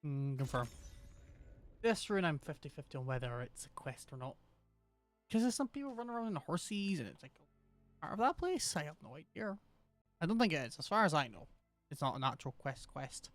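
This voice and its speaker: A man's voice: on the high side, very animated, brisk, a bit bright, soft background music. A man with a Scottish accent streaming a game, rambling and thinking aloud as he troubleshoots his setup. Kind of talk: casual gameplay commentary.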